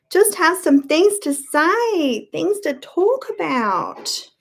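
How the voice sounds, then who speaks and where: A young woman with a high voice talks straight into a webcam mic at home during her live stream. Her tone is blunt and irritated, and she swears freely while greeting chat viewers by name. The delivery stays casual and off the cuff. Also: vocal fry. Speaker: YouTube livestream host.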